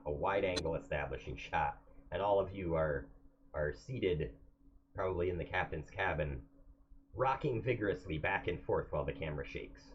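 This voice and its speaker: A man narrating as game master of a tabletop game, hesitant and full of fillers. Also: deep voice. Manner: hesitant, many fillers, relaxed. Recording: dull lo-fi recording, faint hiss.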